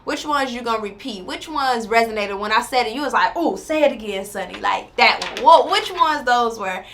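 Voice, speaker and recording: Bright-voiced woman reciting affirmations. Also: a little high, lively intonation, a little hiss or hum. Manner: repeats each affirmation slowly, then chats casually to viewers; encouraging, addresses viewers as y'all. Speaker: spirituality vlogger. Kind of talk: reading and explaining affirmations.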